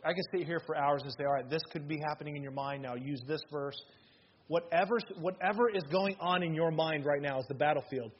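A man in his thirties preaching a sermon as pastor, earnest and emphatic, with sudden loud bursts. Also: on the high side, slightly rough, dull audio.

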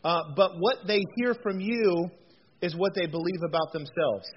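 A man preaching a conversational sermon in a chatty, animated way, with frequent fillers and rhetorical questions. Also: high-pitched, normal speed. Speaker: pastor. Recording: dull lo-fi sound with faint noise.

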